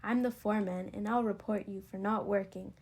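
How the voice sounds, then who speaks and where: A woman's voice: medium pitch, steady tone, brisk, a little mellow, slightly rough. A woman voicing a bossy, angry male foreman in a storybook, scolding sharply.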